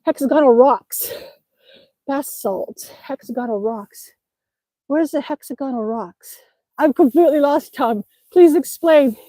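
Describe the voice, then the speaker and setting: Chatty high-voiced woman streaming outdoors. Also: unhurried, dark tone, no echo, low-quality recording. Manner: chatty, reads viewer comments aloud, laughs often. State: slightly out of breath from exercising outdoors. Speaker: vlogger live-streaming to viewers. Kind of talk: casual live-stream chat reading comments. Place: outdoors in the snow.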